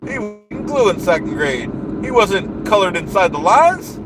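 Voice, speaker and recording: Man, high lively voice, boastful repetitive comic rant, noisy car interior. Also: a little slow. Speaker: livestreamer. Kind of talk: comedic in-character rant.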